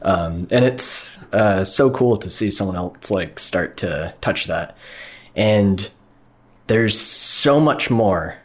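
A man co-hosting a game stream, talking casually with halting restarts. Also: low-pitched, lively intonation. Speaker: co-host. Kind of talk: casual gaming chat.

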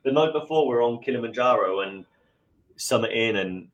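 A man's voice: mid-range voice, animated, brisk, lo-fi sound. A man in casual chat, telling travel stories in a jokey way with frequent laughs.

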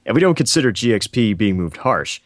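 A man on a casual podcast, calmly answering fan questions in a matter-of-fact way. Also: fairly low pitch, fairly quick, no room sound. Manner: calm, matter-of-fact explainer.

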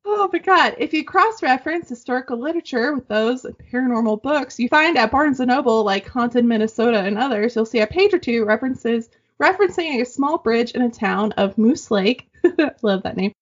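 A woman co-hosting a podcast, reading listener stories aloud in casual, animated chat and swearing freely. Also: fairly high pitch, brisk, breathy edge. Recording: dull lo-fi sound.

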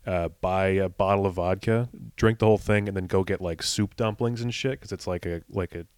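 A man's voice: low voice, steady tone, fairly quick, darkish tone, clean tone, dry recording, studio quality. A young man, co-hosting a casual podcast and telling loose, profane, laughing stories. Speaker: podcast co-host. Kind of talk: casual chat.

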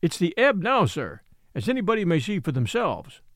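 A man doing an excitable old house steward. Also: high-pitched, normal speed, no room sound, studio quality, exaggerated voice. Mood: urgent pleading. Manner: urgent, pleading.

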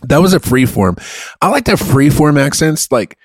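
A man's voice: fairly high pitch, very animated, moderate pace, slightly rough, no room sound, clean studio sound. A man co-hosting a podcast in casual comedic chat, joking, swearing and laughing often. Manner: joking, profane, laughs a lot. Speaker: podcast co-host.

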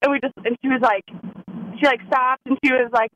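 A young woman telling a story in casual chat, excitable and full of "like"s. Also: high voice, brisk, dull audio. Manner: excitable, many "like"s.

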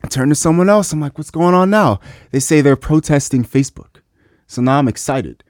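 A man telling a story animatedly, acting out the people he quotes with big jumps in pitch. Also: a little fast, darkish tone, dry recording, clean studio sound. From United States. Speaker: musician and guest.

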